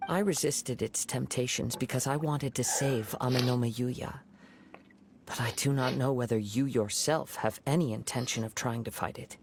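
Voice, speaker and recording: An actor voicing a calm wandering young male swordsman in a video game, speaking in a composed, measured, gentle manner. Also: medium pitch, background noise, lightly acted. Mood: earnest. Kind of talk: game voice acting. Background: game music.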